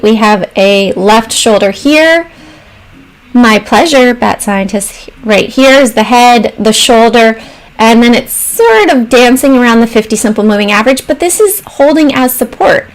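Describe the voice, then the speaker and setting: Higher-voiced woman hosting a trading livestream. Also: poor audio. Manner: talks through charts while answering chat messages; thinks aloud with pauses and trailing phrases. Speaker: stock trading livestream host. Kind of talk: casual livestream commentary.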